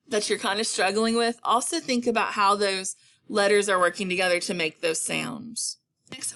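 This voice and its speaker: A woman teacher giving a patient phonics lesson, stretching words out slowly for her students. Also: medium pitch, sharp tone.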